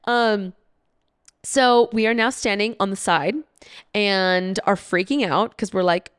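A young adult woman hosting a podcast tells a travel story in a chatty monologue full of "like" fillers, frequent laughs, and some swearing. Her medium-pitched voice is slow and fairly bright. The recording is clean and studio quality with no echo.

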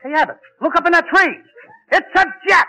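A man comedian with a whiny, excitable, wisecracking manner in 1940s radio comedy. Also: very high-pitched, brisk. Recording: noisy old radio recording.

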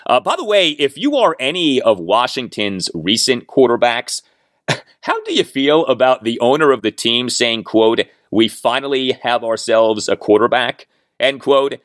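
Male podcast host, animated delivery, dry close sound, sarcastic edge. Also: medium pitch, unhurried, no echo. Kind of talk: sports podcast commentary.

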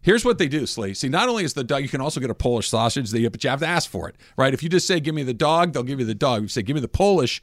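A man's voice: medium pitch, very animated, racing, few pauses, no echo. A man hosting sports talk radio from a studio, emphatic and repeating himself to press a point. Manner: emphatic, repeats words to drive points home. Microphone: studio microphone.

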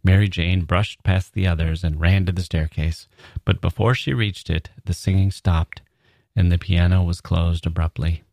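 A man hosting a podcast, reading a story in a measured, reflective way and commenting on it. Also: sits low, fairly even intonation, creaky, darkish tone, no echo, studio quality. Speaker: podcast host.

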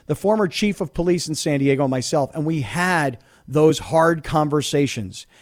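A male sports radio host in his studio, giving an opinionated monologue. His voice sits a bit high and swings widely, and he repeats himself as he pushes each point home. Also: a little mellow. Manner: emphatic, repeats words when worked up.

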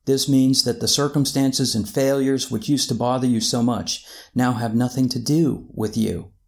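A preacher playing a gentle, fatherly divine master who speaks slowly and softly to his child. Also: medium pitch, steady tone, lightly acted. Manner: gentle, slow and hushed.

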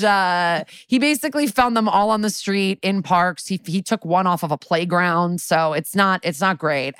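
A woman's voice: on the low side, a bit bright, clear, resonant tone, no echo. A young woman co-hosting a podcast, recapping a TV episode in a chatty, sarcastic way with lots of filler words and swearing. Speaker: podcast co-host.

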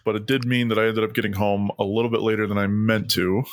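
A man with a fairly low voice chats casually on a podcast, telling lively anecdotes and laughing often. The sound is dry and close, with no room around it. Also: fast, no room sound. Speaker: podcast co-host. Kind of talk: casual chat.

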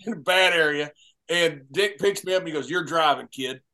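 A man recounts a road trip with plain enthusiasm. His voice sits higher than most men's. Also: fast talker, pushed and bright. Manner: enthusiastic, admiring storyteller. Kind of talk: casual storytelling.

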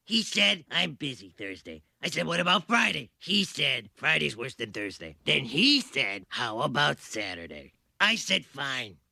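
Cartoon showbiz clown, gravelly and bright, slow and bragging. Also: male voice, medium pitch, very animated, dry recording, clean studio sound, full character voice. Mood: boastful. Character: boastful male TV clown, middle-aged, showbiz ham.

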